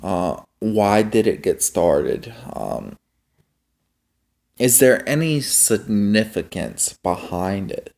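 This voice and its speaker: A young man vlogging in a casual, rambling monologue, halting with many ums and restarts. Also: fairly low pitch, very animated, gravelly, a little mellow. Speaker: homestead vlogger.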